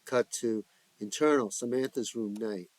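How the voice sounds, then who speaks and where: A man's voice: medium pitch, moderate pace, a little mellow, no room sound, low-quality recording. A man reading his own screenplay aloud, stage directions and all, now and then stopping to correct himself.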